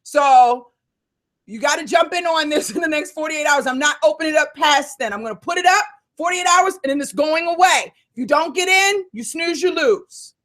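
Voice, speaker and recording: A woman coach hosting a live Q&A call, fired up and loud, calling her listeners y'all. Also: high voice, animated, normal speed.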